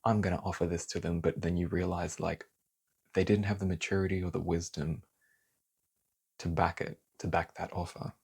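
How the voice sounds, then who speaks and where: Male tarot reader, very low and slightly raspy, heated and swearing. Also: little pitch movement, normal speed, a little mellow. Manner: heated, swears, then apologizes. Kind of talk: casual tarot reading to camera.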